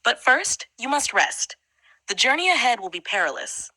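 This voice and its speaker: A woman voicing an elderly bearded male hermit in an audiobook, speaking in measured, solemn tones. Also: on the high side, big pitch swings, pushed and bright, no room sound, voice pushed up, full character voice, low-quality recording. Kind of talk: audiobook character reading.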